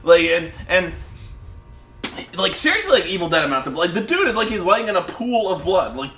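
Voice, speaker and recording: A man co-hosting a podcast, telling wrestling stories in casual, profane chat and acting them out with shouted impressions. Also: high-pitched, sing-song, fairly quick, reverberant, slight background noise. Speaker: podcast co-host.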